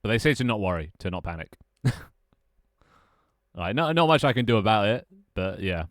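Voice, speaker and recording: A man's voice: lowish voice, big pitch swings, moderate pace, no room sound, studio quality. A young man streaming live, chatting loosely with his viewers and friends, rambling and laughing as he goes. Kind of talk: casual live-stream chat.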